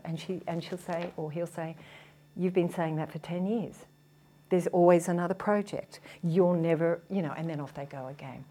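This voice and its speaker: Lively woman explaining relationships. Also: on the low side. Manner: animated, acts out quoted partners, laughs often. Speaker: relationship therapist. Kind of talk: casual talk to an audience.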